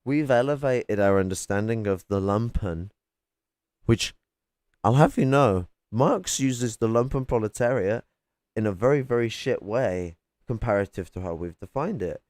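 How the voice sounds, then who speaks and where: Man, lowish voice, dry close sound; combative, sarcastic streamer lecturing his chat. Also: a little slow, darkish tone, no echo. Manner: swears casually. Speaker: political streamer debating chat. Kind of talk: heated live-stream argument. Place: home at night.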